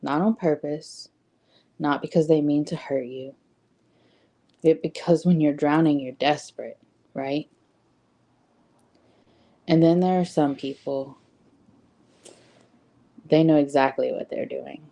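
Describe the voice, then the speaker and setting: A woman's voice: low voice, fairly even intonation, slow pace, long pauses, warm tone. A woman giving a casual motivational talk, conversational, with frequent ums and rhetorical "right?" questions. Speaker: host.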